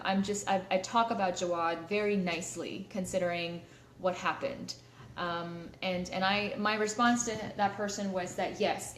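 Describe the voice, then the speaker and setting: Woman, lowish voice, candid live-stream talk, echoey room, faint background hum. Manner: candid, many fillers and restarts.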